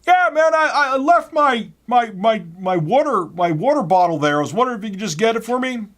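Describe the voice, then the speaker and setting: Man doing a loud mocking goofy customer. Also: very high-pitched, expressive, fairly quick, pitched above the performer's own voice. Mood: whiny. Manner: taunting, shouting.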